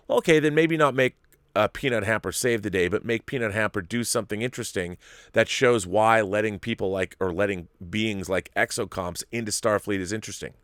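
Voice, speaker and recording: A man's voice: lowish voice, a little fast, a bit bright, clean tone, no echo, clean studio sound. A man hosting a commentary show, ranting emphatically and animatedly about a series he dislikes. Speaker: host. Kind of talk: opinionated commentary.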